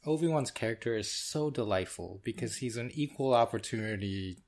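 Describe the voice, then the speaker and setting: A man's voice: medium pitch, expressive, brisk, darkish tone. Man playfully chatting as podcast co-host. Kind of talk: casual chat.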